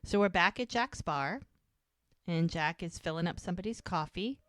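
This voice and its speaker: A woman's voice: fairly low pitch, normal speed, fairly bright tone, dry recording, clean studio sound. A woman co-hosting a podcast, casually retelling TV scenes in running narration. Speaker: podcast co-host. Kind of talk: casual chat recapping a TV episode.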